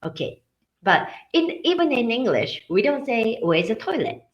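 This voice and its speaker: Woman teacher, lively pitch, slow and patient, repeats phrases, echoey room. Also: muffled recording. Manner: explains slowly, repeats phrases for practice. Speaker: language and culture teacher. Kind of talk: casual instructional video.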